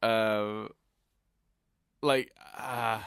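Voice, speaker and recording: A man's voice: on the low side, fairly even intonation, extremely slow, a bit bright, smooth, no room sound, clean studio sound. A man co-hosting a podcast in casual chat, rambling with many restarts and frequent laughs. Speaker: podcast co-host.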